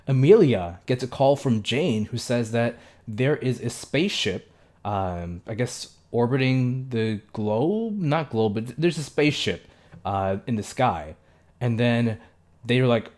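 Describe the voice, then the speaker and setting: A young man hosting a casual episode review, talking loosely with many fillers and self-corrections and tossing in quick impressions of the characters. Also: mid-range voice, a little mellow. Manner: mimics characters' lines in quick asides. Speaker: show reviewer.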